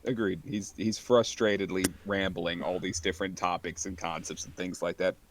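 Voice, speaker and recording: A man playing in a tabletop game, rambling through plans out loud in a frustrated way. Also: sits low, steady tone, normal speed, slight background noise. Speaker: tabletop player.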